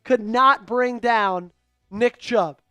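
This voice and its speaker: A man calling a game live for an online fan stream, hyped and pleading with his viewers, rising to shouts at big plays. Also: very high voice, drawn-out words, clean tone, no echo. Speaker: fan livestream play-by-play host. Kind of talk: excitable live play-by-play commentary.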